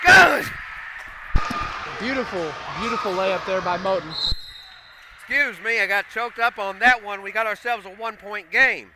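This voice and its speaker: A man calling a school basketball game play by play, getting excitable and loud on big plays. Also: sits high, moderate pace, noisy background. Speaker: play-by-play commentator. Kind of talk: live basketball commentary. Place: school gym.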